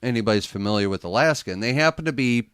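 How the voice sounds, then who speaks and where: Animated, chatty man telling a story. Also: mid-range voice, quick pace, smooth, no room sound, clean studio sound. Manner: animated storyteller, laughs often, acts out quotes. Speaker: paranormal investigator guest. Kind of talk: casual radio interview storytelling.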